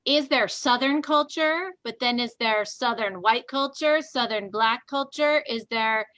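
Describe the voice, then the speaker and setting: A woman's voice: fairly high pitch, a little slow, a bit bright, no room sound. A woman co-hosting a casual discussion, thinking aloud and searching for her words as she goes. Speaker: co-host.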